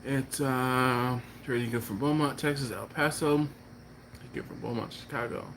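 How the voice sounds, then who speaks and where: A man in the middle of a casual barbecue live stream, reading out viewer comments and chatting back in a relaxed, meandering way. His voice sits at an ordinary middle pitch. A faint hiss of background noise runs under the talk. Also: moderate pace, creaky. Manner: relaxed, rambling, answers chat comments. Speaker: BBQ channel host.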